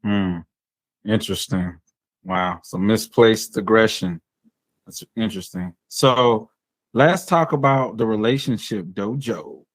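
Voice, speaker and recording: A man hosting a podcast, asking questions in a relaxed, casual way and often chuckling along. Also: fairly low pitch, slow pace, no echo. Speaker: podcast host. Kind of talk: casual interview chat.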